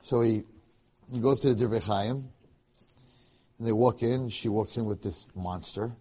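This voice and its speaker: A man giving a Torah lecture, telling a story in an animated way that restarts and repeats phrases often. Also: fairly low pitch, a little slow, breathy edge.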